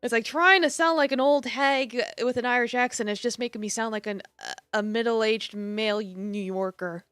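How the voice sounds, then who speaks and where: A woman streamer reads a game's narration aloud to her chat, playful and quick to poke fun at herself. Her voice is fairly high and bright, recorded dry and close with a bit of music underneath. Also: fairly even intonation, clear, resonant tone, no room sound. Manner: playful, self-mocking, laughs at her own voices. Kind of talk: reading a game aloud to a live stream. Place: home streaming setup.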